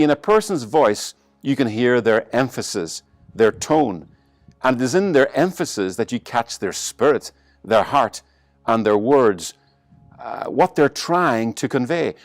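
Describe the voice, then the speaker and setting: A man with an Irish accent preaching a sermon as pastor, pressing hard on some phrases and dropping to a soft, slow hush on others. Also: medium pitch, dry recording, clean studio sound. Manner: varies emphasis and pace, slows to a soft hush on key lines.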